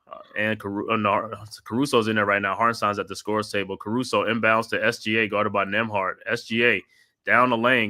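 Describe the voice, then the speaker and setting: A man hosting a watch party stream, calling the game play by play in a steady running call with casual asides. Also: lowish voice. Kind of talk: live play-by-play commentary.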